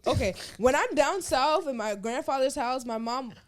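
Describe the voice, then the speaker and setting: A young woman co-hosting a podcast in a casual, animated chat, laughing often. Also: high voice, normal speed. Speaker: podcast co-host.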